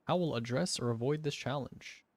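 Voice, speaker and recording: A man's voice: medium pitch, moderate pace, no echo. A young man streaming, casually talking through game testing, thinking aloud, muttering through sums and swearing now and then. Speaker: gaming streamer.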